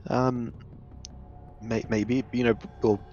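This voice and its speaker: A man's voice: mid-range voice, slow pace, dull audio. A man casting an esports match live, chatting casually with many ums and hesitations. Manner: animated, hesitant with many ums, laughs easily. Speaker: esports caster. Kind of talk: casual live game commentary.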